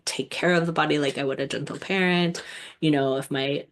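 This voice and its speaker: A woman speaking gently and reflectively, with many fillers and restarts. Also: low-pitched, fairly even intonation, fairly quick. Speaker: wellness speaker. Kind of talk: casual reflective talk.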